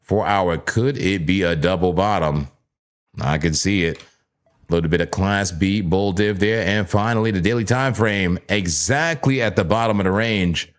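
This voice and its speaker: A man's voice: low-pitched, moderate pace. A man hosting a live trading stream, talking through his charts in a playful, chatty way and speaking straight to viewers in the chat, often repeating words and correcting himself mid-sentence. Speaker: livestream crypto trading host. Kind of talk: casual live chart commentary.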